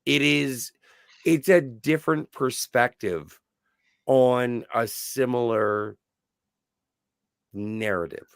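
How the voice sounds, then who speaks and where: A man's voice: medium pitch, fairly even intonation, slow pace, vocal fry, long pauses, no room sound, clean studio sound. A man co-hosting a podcast, talking in a thoughtful, searching way with fond praise. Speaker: podcast co-host. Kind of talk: casual podcast discussion.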